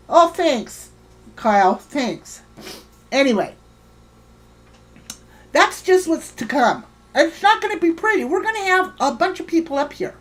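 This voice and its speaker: A woman hosting a livestream, ranting heatedly and swearing while greeting viewers in her chat by name. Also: on the high side. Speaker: livestream host.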